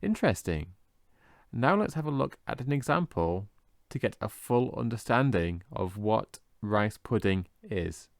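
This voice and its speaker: A man teaching English vocabulary in a scripted lesson, slowly and carefully modelling how each word is pronounced. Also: on the low side, sing-song, vocal fry, dry recording, studio quality. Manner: slow, careful modelling of pronunciation.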